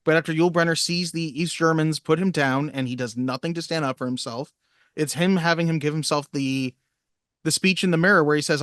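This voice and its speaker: This is a man co-hosting a laid-back movie podcast, with a voice sitting a bit higher than most men's. He wanders from point to point and laughs along as he goes. The sound is dry and close, with no room around it. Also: fairly quick, fairly bright tone, no room sound. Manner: chatty, laughs easily, rambling asides. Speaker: podcast co-host. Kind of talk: casual movie chat.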